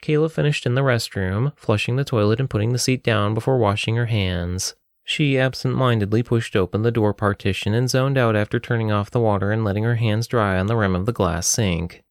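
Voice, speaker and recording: A man narrating an audiobook story in a steady, even storytelling delivery. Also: on the low side, a little fast, no echo, clean studio sound. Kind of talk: scripted narration.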